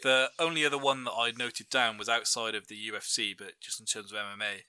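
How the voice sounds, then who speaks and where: Bright-voiced man hosting a podcast. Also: medium pitch, brisk, smooth, no room sound. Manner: lively storyteller, laughs often. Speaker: podcast host. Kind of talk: casual podcast chat.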